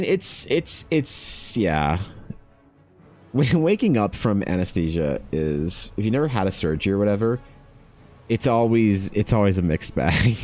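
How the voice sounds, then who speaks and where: A man's voice: lowish voice, darkish tone. A man in his thirties, an artist chatting casually with viewers while drawing, laid-back and rambling, laughing often and calling people dude. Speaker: artist livestreaming.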